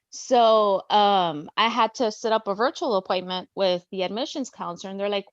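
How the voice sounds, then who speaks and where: A woman sharing a personal story in a casual online talk, earnest and animated, acting out what she and others said. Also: medium pitch, normal speed, no room sound, dull audio. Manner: earnest, animated, acts out her own quotes. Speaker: guest. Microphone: video call.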